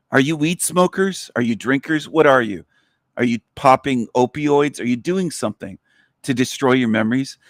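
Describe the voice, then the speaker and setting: Irritated male streamer scolding his audience, ordinary pitch, dry room. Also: dry recording. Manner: irritated, profane, scolding the viewers. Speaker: livestream host. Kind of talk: angry livestream rant.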